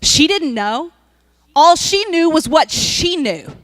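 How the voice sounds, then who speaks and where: A woman's voice: sits high, big pitch swings, slow, fairly bright tone, dry recording. A woman pastor, telling a personal story in an emphatic sermon.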